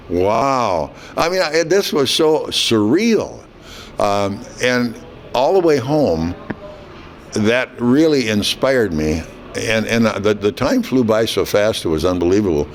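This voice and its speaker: A man in his eighties, a veteran hockey broadcaster, telling a lively story in an interview. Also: on the low side, slight background noise. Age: 80s. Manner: animated anecdote teller, quoting others.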